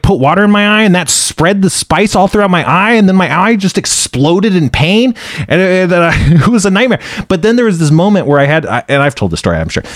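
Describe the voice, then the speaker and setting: A man in casual chat, telling stories in an animated way and laughing easily. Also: fairly high pitch, dry recording, studio quality.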